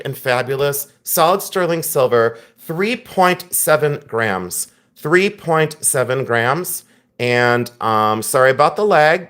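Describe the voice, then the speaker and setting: A man's voice: mid-range voice, a bit bright. A man hosting a live-stream jewelry sale, chatty and openly frustrated, thanking viewers by name. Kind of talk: live-stream selling chat.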